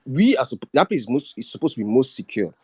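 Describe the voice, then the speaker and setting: A man calling in to a discussion, halting and restarting his sentences as he speaks. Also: mid-range voice, big pitch swings, dark tone, husky, dry recording. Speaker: caller. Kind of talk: casual call-in comment.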